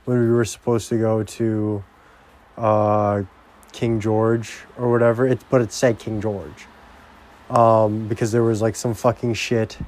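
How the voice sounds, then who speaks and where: A man's voice: fairly low pitch, little pitch movement, a little mellow. A young man ranting casually and profanely on a vlog, rambling from topic to topic. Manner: rambling, heavily profane, slow-paced. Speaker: vlogger.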